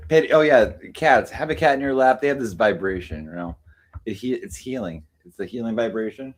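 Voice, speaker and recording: A man's voice: mid-range voice, normal speed. A man hosting a livestream, cooing affectionate baby talk to his cats between remarks to the chat. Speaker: livestream host.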